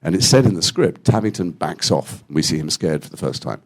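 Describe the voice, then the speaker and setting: A man with an English accent, an actor telling stories at a post-screening Q&A in a cinema. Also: low voice. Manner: animated, quotes others in quick dialogue. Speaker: actor guest at a Q&A. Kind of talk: anecdotal storytelling. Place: cinema auditorium after a screening.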